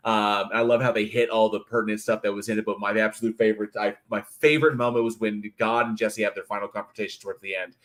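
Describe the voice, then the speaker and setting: A man's voice: fairly low pitch, fairly even intonation, fast, hardly any pauses, a bit bright. A man co-hosting a casual livestream, bluntly answering viewer chat and swearing freely. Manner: reads viewer chat aloud, blunt and profane. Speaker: livestream co-host.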